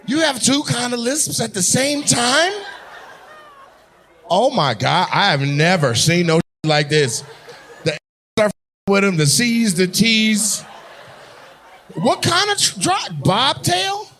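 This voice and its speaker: A male stand-up comedian doing loud, teasing crowd work, often laughing as he talks. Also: high-pitched, very animated, slow pace, long pauses.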